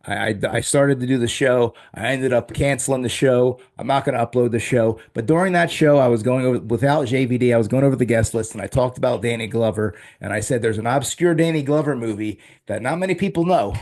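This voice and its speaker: A man hosting a casual chat show, talking in an excitable, rambling way with quick restarts. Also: mid-range voice. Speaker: host.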